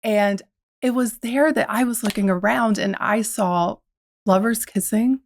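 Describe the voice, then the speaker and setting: A woman's voice: medium pitch, unhurried, a little hiss or hum. A woman from the South, speaking, tells her story reflectively as a guest in a podcast interview. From American South. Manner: reflective, uses quoted inner dialogue.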